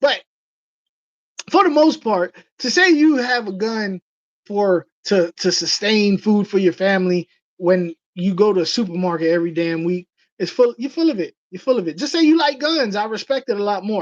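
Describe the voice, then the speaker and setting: A woman hosting a casual livestream chat, telling stories with animated delivery and acting out the voices of people she quotes. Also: mid-range voice, normal speed, no echo, lo-fi sound. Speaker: livestream host.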